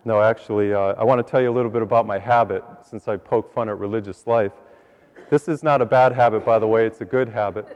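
A man's voice: lowish voice, steady tone, fast, a little mellow. A priest telling jokes from the pulpit in a loose, storytelling manner. His voice rings through a big church with a long tail of reverb, and the sound is slightly dull. The congregation laughs now and then. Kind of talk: joke-filled sermon. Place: large church.

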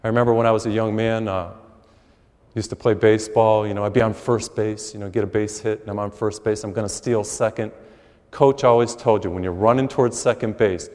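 A man's voice: on the low side, a little mellow, big-room sound. A man preaching a conversational, storytelling sermon as priest in a church.

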